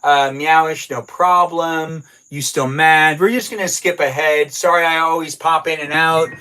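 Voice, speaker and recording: A man's voice: on the high side, fairly even intonation, unhurried, bright, forceful tone, clean tone, poor audio. A man hosting a casual livestream from his garage, chatting in a rambling, playful way as he answers viewer messages aloud. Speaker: livestream host reading viewer chat. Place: home garage.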